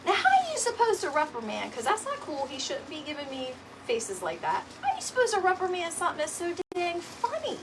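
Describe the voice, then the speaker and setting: A middle-aged woman with a very high voice and huge pitch swings hosts a live DIY decor video, talking briskly with hardly a pause. She laughs often, says "y'all" and "right?" while crafting, and the distant mic picks up room noise.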